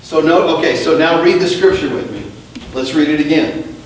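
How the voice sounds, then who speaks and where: A male pastor preaches to his congregation, his slightly high voice climbing from hushed storytelling to stretched-out, emphatic lines. He keeps asking the room to answer him. The sound comes from a distance and rings through a very echoey sanctuary, with faint background noise. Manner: swings from quiet storytelling to loud, drawn-out emphasis. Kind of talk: sermon. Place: church sanctuary.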